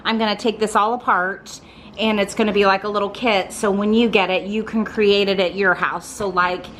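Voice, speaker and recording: A woman's voice: medium pitch, fairly even intonation, normal speed, fairly bright tone, slight background noise. A middle-aged woman hosting a casual home decorating haul vlog, gushing and rambling with lots of ums and likes. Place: at home indoors.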